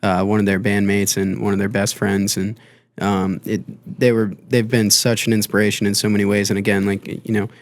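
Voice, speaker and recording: A man with a lowish voice chats loosely on a podcast, wandering through his thoughts with plenty of ums and restarts. The sound is dry and close, with no room around it. He talks like a band member telling stories in a studio. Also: flat delivery, a little fast, no room sound. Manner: rambling, with many fillers and restarts. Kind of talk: casual podcast conversation.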